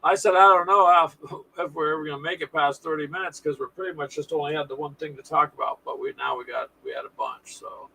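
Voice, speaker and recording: A man's voice: a little high, quick pace, vocal fry, hardly any pauses, pushed and bright, slight background noise, low-quality recording. A man hosting a casual live stream, chatting with viewers in a folksy, sarcastic way.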